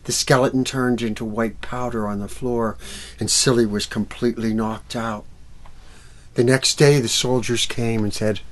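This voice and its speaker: A man telling a fairy tale to children at a library event, acting out the characters and sound effects with lively energy. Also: medium pitch, moderate pace. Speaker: musical storyteller. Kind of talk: storytelling for children.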